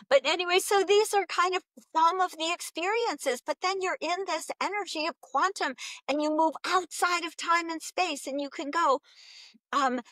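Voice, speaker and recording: A woman's voice: fairly high pitch, no room sound, studio quality. A woman guest talking casually about spiritual teaching, telling stories and laughing often. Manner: laughs often, animated storytelling. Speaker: guest, Akashic Records teacher. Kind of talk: casual spiritual interview talk.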